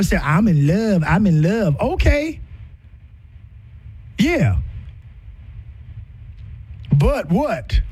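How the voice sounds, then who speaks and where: A man's voice: sits high, a little mellow, slightly rough. A middle-aged man giving relationship advice in an impassioned, preaching style, repeating himself for emphasis and asking rhetorical questions.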